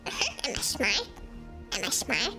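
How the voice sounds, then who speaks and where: Super squeaky cutesy girl voice, slow and bouncy, game music behind. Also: heavily acted. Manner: giggly, playful, teasing. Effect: voice changer. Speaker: game streamer. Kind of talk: casual gameplay chat.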